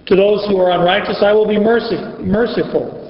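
A high-voiced man teaches through scripture in a loose, conversational sermon, pausing to rephrase each verse with emphasis. The sound is dull and lo-fi, and a long reverb rings around him as if he stands in a large hall. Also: fairly even intonation. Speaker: Bible teacher.

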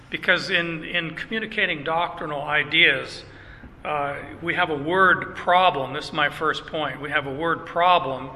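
A man's voice: on the high side, sharp tone, long reverb tail, slight background noise, poor audio. An older Canadian man, a pastor, teaching a sermon in a conversational way with chuckling asides and frequent restarts.

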